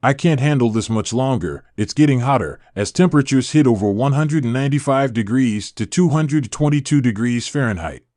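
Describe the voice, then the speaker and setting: A man's voice: medium pitch, animated, a little fast, hardly any pauses, a little mellow, dry recording, clean studio sound, close to an everyday voice. A man playing a shaken news reporter. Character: male news reporter horrified by a heat disaster. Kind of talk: fictional emergency broadcast drama.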